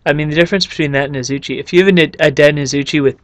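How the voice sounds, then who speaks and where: A man's voice: on the high side, rapid-fire, a bit bright, no room sound. A man casually explaining his card game deck, rambling and joking with many fillers. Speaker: YouTube card game creator.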